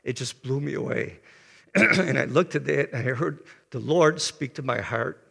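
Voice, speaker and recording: A man in his seventies, a pastor preaching a sermon and telling a personal story earnestly, clearing his throat often. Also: medium pitch, measured pace, fairly bright tone, big-room sound. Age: 70s.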